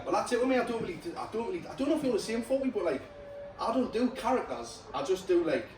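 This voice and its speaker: A man's voice: sits high, lively intonation, quick pace, soft background music. A man guesting on a podcast as a comedian, chatting casually, rambling and laughing, with a lot of swearing. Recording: echoey room, distant mic, loud chatter behind.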